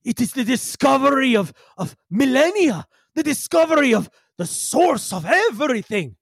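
Man putting on a shouting, grandiose alien scientist. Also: extremely high pitch, sing-song, gravelly, husky, dry recording, clean studio sound, pitched above the performer's own voice, heavily acted. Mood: exalted. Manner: shouting, grandiose, halting foreign-sounding phrasing. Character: excitable insectoid alien male scientist. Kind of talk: tabletop role-play voice acting.

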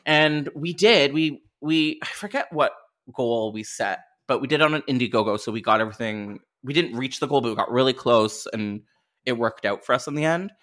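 Podcast co-host, mid pitch, lively self-mocking banter, casual chat. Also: normal speed.

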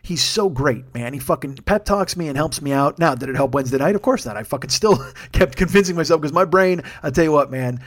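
A man with a slightly high voice and lively intonation talks briskly through a solo comedy podcast. The host rants in heat, swearing all the while, and finishes by rambling through thanks to his crew, self-deprecating as he goes.

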